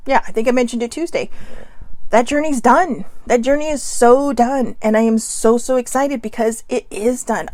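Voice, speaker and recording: A woman talks straight into a close, dry mic in a loose, rambling pep-talk style. Her throat sounds scratchy and she keeps clearing it. She is full of "you know"s and casual swearing. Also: fairly high pitch, moderate pace, darkish tone, no room sound. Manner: chatty and rambling, swears freely, many "you know" fillers. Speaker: vlogger hosting a daily live video.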